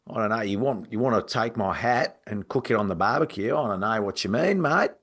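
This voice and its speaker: A man's voice: on the low side, expressive, fairly quick, a bit bright. A man putting on a puzzled Australian butcher with an Australian accent.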